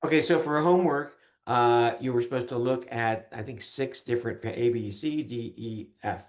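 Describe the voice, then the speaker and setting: Man, teacher, online class, chatty, lots of ums, middle pitch. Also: moderate pace. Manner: chatty, with many fillers and hesitations.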